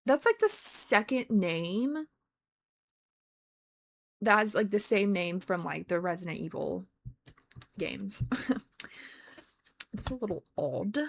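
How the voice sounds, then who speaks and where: Chatty young woman streamer, gravelly. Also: mid-range voice, animated, takes it slowly, pauses often. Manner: playful, chatty, talks to her pet. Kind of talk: casual gameplay commentary.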